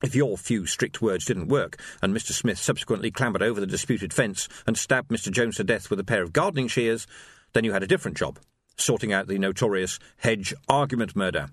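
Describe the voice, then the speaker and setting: A man narrating an audiobook in an expressive, wry storytelling voice. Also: on the low side, a little fast, husky, dry recording, clean studio sound. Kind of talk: scripted narration.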